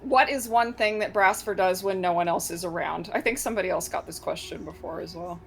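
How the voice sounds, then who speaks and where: A woman's voice: fairly low pitch, fairly quick, gravelly. A woman acting as game master in a casual online tabletop game, asking the players questions and laughing easily.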